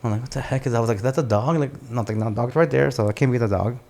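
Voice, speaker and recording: Talking very fast in a mid-range voice, a man spins an animated story during a laid-back podcast chat. Curse words come freely, Spanish slips in here and there, and "dude" and "bro" pop up constantly.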